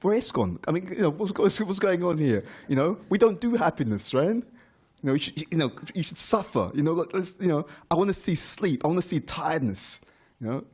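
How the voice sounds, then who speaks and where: A man's voice: a little high, very animated, a little fast, darkish tone, breathy edge, pitched above the performer's own voice. A man voicing an incredulous fellow devotee who mock-scolds someone, with teasing, exaggerated disbelief and a raised voice.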